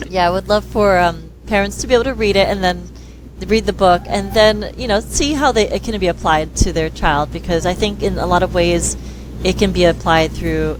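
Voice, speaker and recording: A woman speech therapist talking in an interview, lively and quick to act out the voices of children and parents. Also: fairly low pitch, background noise. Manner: lively, acts out quoted dialogue in voices. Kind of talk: conversational interview.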